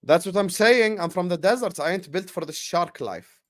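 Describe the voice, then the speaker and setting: A young man hosting a live football watchalong, chatting with viewers and calling the play with slangy, excitable banter. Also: high voice, normal speed. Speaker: watchalong streamer.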